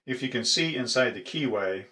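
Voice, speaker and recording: A middle-aged man collecting padlocks, talking casually in a show-and-tell video, halting with frequent pauses. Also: medium pitch, animated, sharp tone. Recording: echoey room.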